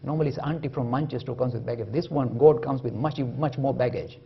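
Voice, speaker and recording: Gravelly man giving a lively lecture. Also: mid-range voice, fast, muffled recording. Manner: lively storytelling, acting out quoted voices. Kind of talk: animated public lecture. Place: lecture hall.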